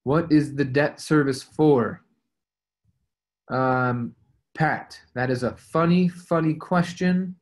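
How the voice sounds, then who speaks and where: A man's voice: on the high side, slow. A man leading a team call as a real estate investing coach, talking conversationally and acting out sample conversations. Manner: conversational, acts out sample dialogues.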